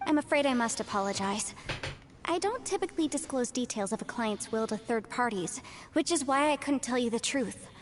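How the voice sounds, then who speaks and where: An actress playing a composed, formal legal adviser explaining things in a game. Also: female voice, fairly high pitch, lively intonation, slight background noise, lightly acted. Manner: measured, formal.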